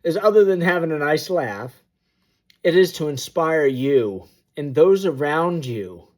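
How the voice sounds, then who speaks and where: Taking it slowly, a man with a high-leaning, darkish, animated voice relates a personal anecdote to the camera. His motivational storytelling is vivid and full of sound effects, designed to inspire.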